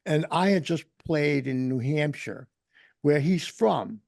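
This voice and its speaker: A middle-aged man with a New England accent, a podcast host telling rambling, animated anecdotes in casual chat. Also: fairly high pitch, takes it slowly, creaky, dry recording, clean studio sound.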